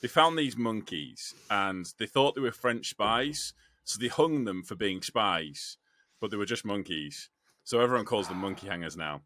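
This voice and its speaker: A man's voice: on the low side, lively intonation, normal speed, pushed and bright, no echo. British man, casual podcast banter, swearing and laughing, dry close sound. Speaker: podcast co-host. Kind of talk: casual chat.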